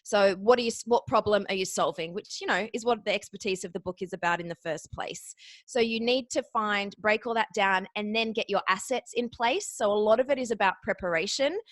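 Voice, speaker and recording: A woman's voice: medium pitch, dry recording. A woman with an Australian accent, a publicist guest giving upbeat, practical advice in an interview, walking through steps one by one.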